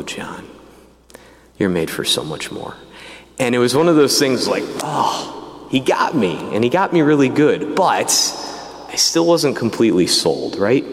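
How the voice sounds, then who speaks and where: A priest tells his own vocation story in a lively, casual manner, with asides to the listeners. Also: medium pitch, big-room sound. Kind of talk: personal testimony talk.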